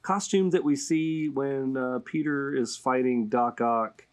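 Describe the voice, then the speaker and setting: A man hosting a podcast in relaxed, conversational chat. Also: medium pitch, measured pace. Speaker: podcast host. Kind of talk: casual chat.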